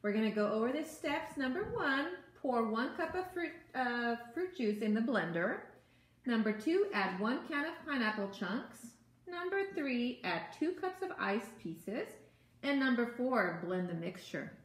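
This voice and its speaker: A woman teacher showing children a simple recipe, giving clear step-by-step instructions. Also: a little high, sing-song, unhurried. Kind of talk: cooking demonstration for children. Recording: echoey room with faint noise.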